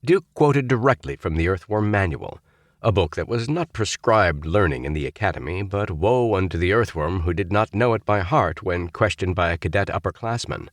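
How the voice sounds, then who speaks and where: Low-voiced, lively male audiobook narrator. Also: moderate pace, no echo, studio quality. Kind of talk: scripted narration.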